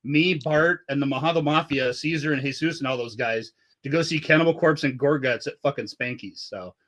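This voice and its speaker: A man's voice: medium pitch, a little fast, a bit bright. A middle-aged man hosting a podcast, rambling and swearing a lot as he laughs through old stories. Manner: profane, rambling, laughs often. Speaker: podcast host. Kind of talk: casual podcast chat. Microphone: remote call audio.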